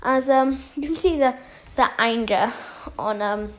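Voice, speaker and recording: A woman's voice: high-pitched, a little slow, low-quality recording. A woman casually retelling a fan story, rambling with many fillers.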